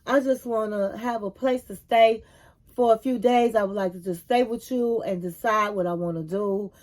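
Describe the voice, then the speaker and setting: A woman voicing a drained, weary young man who is close to tears, speaking low and quiet. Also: a little fast, natural voice. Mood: weary, confused.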